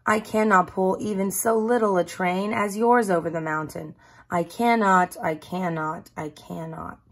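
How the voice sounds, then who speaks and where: A rusty old engine from a storybook, sighing and worn out, his words fading slowly, as a woman puts him on. The voice is breathy and tired. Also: medium pitch, natural voice. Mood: weary.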